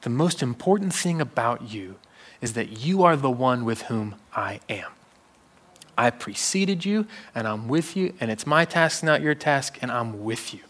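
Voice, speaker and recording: A man preacher voicing God as a calm, patient male figure, speaking softly and reassuringly. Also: mid-range voice, moderate pace, few pauses. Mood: tender.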